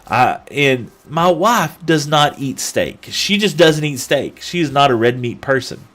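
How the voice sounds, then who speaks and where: A man streaming a game, chatting with viewers and telling a long anecdote in a casual, animated way. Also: on the high side, unhurried. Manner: chatty, animated storyteller who talks to chat. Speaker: gaming livestreamer. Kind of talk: casual chat and storytelling while gaming.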